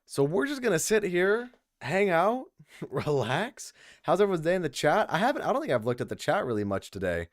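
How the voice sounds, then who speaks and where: A man's voice: on the high side, a little fast, dry recording, studio quality. A young man casually commentating a game tournament on a stream, chatting with viewers. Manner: chatty, lively, talks to the chat. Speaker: tournament caster.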